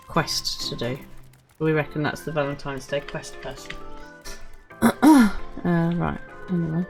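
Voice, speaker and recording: A woman streaming a video game, chatting casually and poking fun at herself as she plays. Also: low voice. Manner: chatty, self-mocking and apologetic. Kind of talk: casual live-stream commentary.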